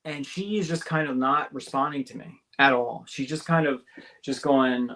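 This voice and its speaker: On a talk radio show, a male guest excitedly recounts his abduction experience at a moderate pace, with slight background noise on the call-in or studio mic. Repetitive, he packs in "like" and "right?", jumping his voice higher to act out the people he quotes.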